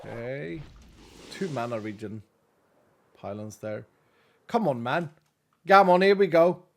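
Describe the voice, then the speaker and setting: A man's voice: medium pitch, lively intonation, a little slow, creaky, a little hiss or hum. A man in his thirties chatting casually with his chat while playing a game on stream, laughing often.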